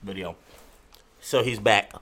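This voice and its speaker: A laid-back man co-hosting a podcast with a fairly low voice. He talks straight to the audience in casual chat, calling them "y'all". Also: slow, crowd noise. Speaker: podcast co-host and streamer.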